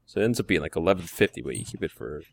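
A man's voice: low voice, very fast, creaky. A man co-hosting a podcast in casual chat, explaining things in a matter-of-fact way. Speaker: podcast co-host.

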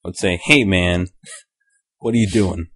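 A man with a very low voice, chatting casually on a podcast. His answers are short and hesitant, delivered flat and deadpan. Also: normal speed, breathy edge. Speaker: podcast co-host. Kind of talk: casual chat.

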